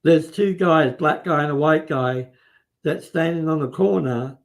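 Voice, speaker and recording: A guest on a live stream, a man with a slightly high, unhurried voice, vividly recounts events in casual storytelling, acting out people's lines and restarting his sentences.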